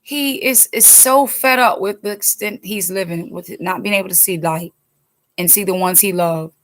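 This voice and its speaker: Woman, casual Bible-study teacher, chatty with lots of asides, mid-pitched voice. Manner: chatty, digressive, quick asides; animated when she quotes people.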